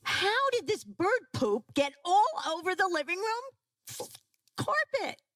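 A woman doing a shrill screaming mother. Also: sing-song, slow, a bit bright, no echo, studio quality, exaggerated voice. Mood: angry. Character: shrill frazzled mother yelling.

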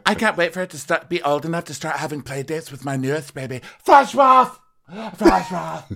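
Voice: mid-range voice, animated, normal speed, creaky, bright, forceful tone, voice pushed up. A podcaster voicing a giddy, scatterbrained woman reality star who rambles over the top.

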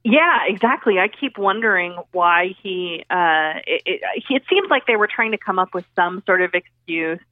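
A woman's voice: on the low side, expressive, normal speed, hardly any pauses, dry recording. A woman from Oklahoma, a journalist guest, chatting casually about politics with plenty of fillers over a phone line. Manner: chatty, agreeable, many fillers.

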